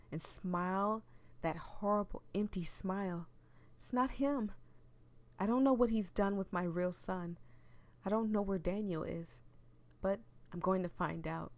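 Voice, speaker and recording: A woman voicing an elderly, grieving mother in a horror game, reading in a hushed, intense way that drops into whispers. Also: mid-range voice, natural voice. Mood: paranoid, bitter. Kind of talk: dramatic reading of game text.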